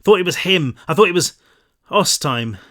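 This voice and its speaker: A gruff, scarred male soldier speaking in halting, apologetic bursts, read by a man. His storybook voice sits a little higher than the reader's usual. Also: expressive, a bit bright. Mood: remorseful.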